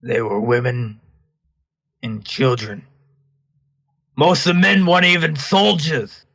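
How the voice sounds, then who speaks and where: Man, player in character, slow, gruff, mid pitch. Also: fairly even intonation, sharp tone. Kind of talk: in-character tabletop roleplay.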